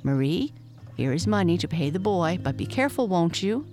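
A woman's voice: on the low side, big pitch swings, moderate pace, a little mellow, faint music behind. A woman voicing a courteous, wealthy mother who asks careful questions.

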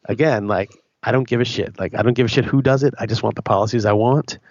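A man with a low, gravelly, slightly husky voice gives his opinions bluntly on a podcast, swearing freely and restarting his sentences. The audio is dry and a little dull. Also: fairly even intonation, fast talker, darkish tone, dry recording. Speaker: podcast co-host. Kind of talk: casual opinionated chat.

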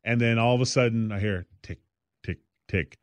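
Here a male podcast co-host chats casually at a normal speed, his mid-range voice clear and resonant on a dry recording. His storytelling rambles, with plenty of filler words.

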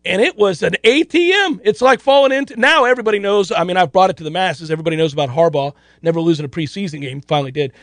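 A man's voice: high voice, fast talker, hardly any pauses, a bit bright, no room sound. A man co-hosting a casual sports betting chat, rambling along with restarts and frequent laughter. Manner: rambling, self-interrupting, laughs often.

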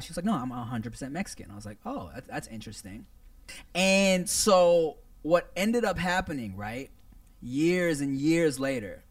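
A man's voice: medium pitch, no echo. A man co-hosting a casual podcast, telling a loose, profane story with acted-out quotes. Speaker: podcast co-host. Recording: distant mic, dry.

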